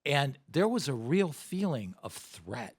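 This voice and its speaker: Casting note: male guest, mid-pitched, dry close sound, measured and emphatic. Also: very animated, husky, dry recording. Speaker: guest, former government advisor. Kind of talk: interview answers.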